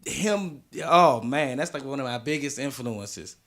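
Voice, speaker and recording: Brief: young male singer from D.C., radio guest, easygoing and slangy, forceful bright tone. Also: mid-range voice, measured pace. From Washington, D.C. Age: 20s. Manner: relaxed, laughs often, slangy. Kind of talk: casual radio chat.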